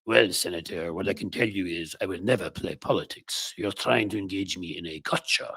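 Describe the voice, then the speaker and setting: A man's voice: sits low, brisk, vocal fry, pushed and bright, husky, dry recording, heavily acted. A man putting on an obnoxious, evasive woman official. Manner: evasive, impatient. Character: obnoxious, defensive woman official stonewalling questions.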